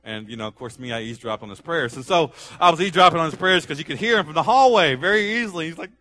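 Bright-voiced male preacher. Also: a little high, expressive, rapid-fire. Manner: conversational, emphatic preaching. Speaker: pastor. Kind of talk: sermon.

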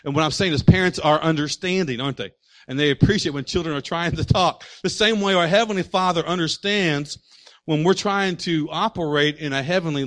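A man preaching a sermon as pastor, animated and full of rhetorical questions to his congregation. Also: on the high side.

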